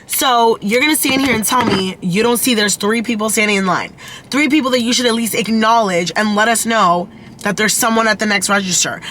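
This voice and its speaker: A woman's voice: on the high side, brisk, a bit bright, slight background noise. A young woman vlogging casually into her phone camera, chatty and blunt, swearing freely. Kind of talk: casual vlog talk to camera.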